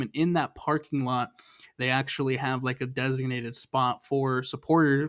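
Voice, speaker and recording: A man joining a casual soccer podcast as a guest, relaxed and hesitant, with lots of fillers as he gives tips. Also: medium pitch, no echo, studio quality. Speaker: guest from a fan show.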